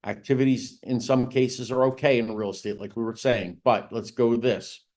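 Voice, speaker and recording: A man's voice: mid-range voice, steady tone, moderate pace, darkish tone. A man teaching a business planning session for real estate agents, talking in a conversational way and stressing key points with rising emphasis. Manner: conversational, repeats "right?" and "again". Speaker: real estate coach and trainer. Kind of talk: training seminar talk.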